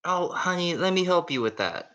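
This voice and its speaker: A woman's voice: lowish voice, expressive, normal speed, a bit bright, voice pushed up. A man voicing a flustered, doting middle-aged mother in a tabletop game, stammering as she fusses. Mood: fussing.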